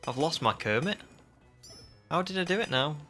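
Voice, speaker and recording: A man's voice: on the high side, animated, moderate pace, sharp tone, faint music behind. A man streaming a game live, chatting casually and joking at his own expense. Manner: self-deprecating, chatty.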